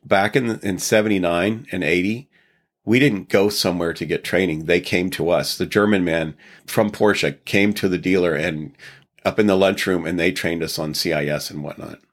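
Man, from Texas, deep low voice, podcast guest, rambling reflective storytelling, occasional chuckles. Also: moderate pace. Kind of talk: casual storytelling interview.

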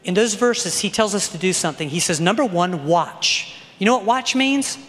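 A middle-aged male pastor preaching with a notably high voice, talking to his congregation in a loose, conversational way and often checking in with quick tag questions. The sound carries a long, trailing reverb, like a big hall. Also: lively intonation, a bit bright. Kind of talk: sermon.

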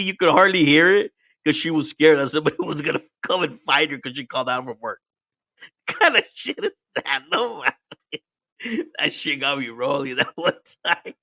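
With a fairly high pitch and a sharp tone, a male podcast host drinks while telling a story in laid-back chat. He laughs, swears, and alternates English with Spanish, recorded in clean studio sound without echo.

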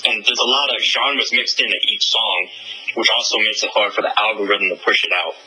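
Husky, sharp-toned young man. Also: lowish voice, a little fast, rough recording. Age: 20s. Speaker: musician guest. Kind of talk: casual interview answers.

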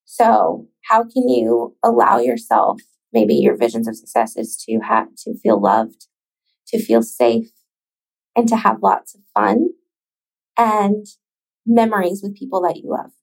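A woman hosting a podcast, talking casually and encouragingly straight to the listener, with swearing and long pauses. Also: mid-range voice, big pitch swings, creaky, rough recording. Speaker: podcast host. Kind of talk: motivational podcast monologue.

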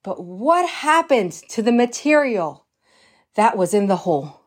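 A woman's voice: medium pitch, sing-song, measured pace. A woman voicing a pensive male night watchman who ponders odd little puzzles. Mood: musing. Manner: musing, earnest.

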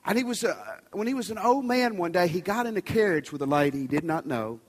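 A man preaching a sermon as a pastor in a large church, talking to the congregation in a conversational way and at times dropping his urgent pleas to a soft near-whisper. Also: high-pitched, animated, quick pace. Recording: reverberant large church hall.

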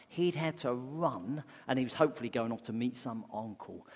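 A man's voice: medium pitch, normal speed, vocal fry, husky. Male preacher in a reverberant hall. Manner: conversational preaching with rhetorical questions. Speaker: pastor. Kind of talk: sermon.

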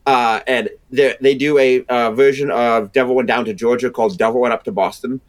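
A man's voice: medium pitch, steady tone, a little fast, dry recording. A man with a Rhode Island accent, a sound engineer guest chatting energetically and rambling with many restarts. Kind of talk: casual chat.

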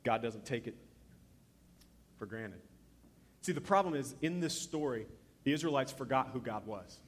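A man preaching a sermon as pastor, telling the story in an animated way and acting out the voices he quotes. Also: medium pitch, normal speed, big-room sound.

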